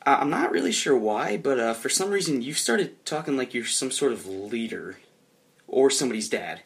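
Lively young man narrating a role-play. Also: medium pitch, gravelly. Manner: animated, chuckling, drops into quick voiced asides. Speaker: player narrating his character's actions.

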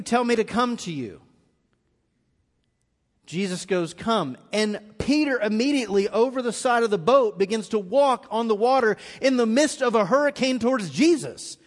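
A man preaching a live sermon as pastor, telling a story and acting out the quoted lines with rising intensity. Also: extremely high pitch. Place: church auditorium. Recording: live in a reverberant hall.

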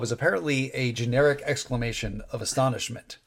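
A man's voice: medium pitch, a little fast. A man co-hosting a podcast in casual chat, rambling with wry asides and frequent restarts. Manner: rambling, wry, self-interrupting. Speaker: podcast co-host.

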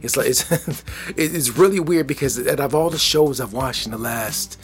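A tired man in his forties talks into a podcast mic at bedtime, his voice sleepy and relaxed. He rambles earnestly, stumbling over and repeating his words. Faint music plays softly behind him. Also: mid-range voice, normal speed. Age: 40s. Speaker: podcast host. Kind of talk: casual solo podcast talk. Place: at home, relaxed. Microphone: podcast microphone.

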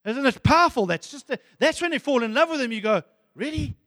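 High-voiced, excitable male preacher. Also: fast talker, no room sound, clean studio sound, in a large hall. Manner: animated, excitable preaching with sudden soft asides. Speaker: pastor. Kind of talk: sermon.

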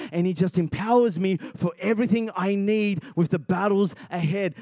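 A pastor with a slightly high voice preaches an energetic sermon, acting out Bible voices and calling out to the congregation. The recording is dry, with clean studio sound.

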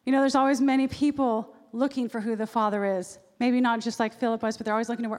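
A woman's voice: on the high side, fairly even intonation, fast talker, few pauses, a little mellow. A woman preacher giving a sermon in a conversational way, with personal asides. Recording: long reverb of a large hall.

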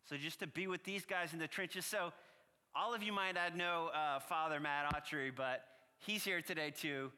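A man with a New Orleans accent gives a sermon as a guest priest. His voice sits fairly high and sounds bright. He talks in a chatty, earnest way, slows into a prayerful cadence, and the long reverb of a church hall surrounds him. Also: fairly even intonation. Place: church sanctuary.

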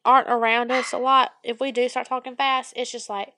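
A woman with a Southern US accent, co-hosting a podcast in casual chat, drawling her words slowly and poking fun at herself. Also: fairly high pitch, flat delivery, sharp tone, slight background noise. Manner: drawn-out slow words, self-mocking. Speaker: podcast co-host.

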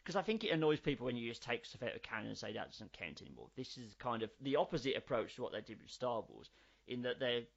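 Man, 30s, animated casual podcast co-host; slightly dull recording. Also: medium pitch, quick pace, gravelly. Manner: animated, swears freely, riffs on ideas. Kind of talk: casual chat.

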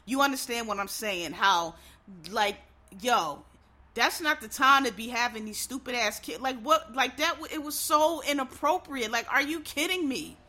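A woman's voice: a little high, moderate pace, pushed and bright. A woman in a casual, exasperated rant, full of swearing and rhetorical questions.

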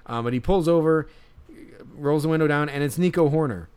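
Young guy on a podcast, smooth clear voice, rambles with tons of ums and restarts. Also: fairly high pitch, a little fast, a little mellow. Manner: rambling, many fillers and restarts, laughs along. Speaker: podcast host. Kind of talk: casual storytelling chat.

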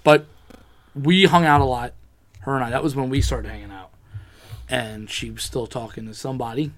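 A man's voice: mid-range voice, fairly even intonation, moderate pace, a crowd in the background. A young man telling a rambling, profane story in a casual chat among friends.

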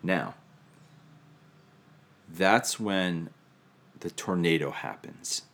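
A man's voice: sits low, very slow, gravelly, a bit bright. A man preaching a sermon, teaching reflectively with touches of humor. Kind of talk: sermon on scripture.

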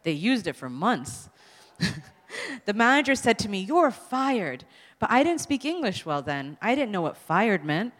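Kindly father figure, read by a woman, amused anecdotal telling, lively pitch, hall echo. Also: a little slow. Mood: storytelling. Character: gentle immigrant father, fond storyteller. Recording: long hall reverb.

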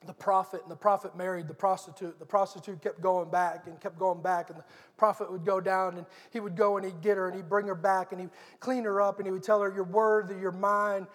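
A man's voice: high voice, flat delivery, fairly quick, fairly bright tone, big-room sound. A middle-aged man preaching a sermon in an earnest, conversational storytelling manner.

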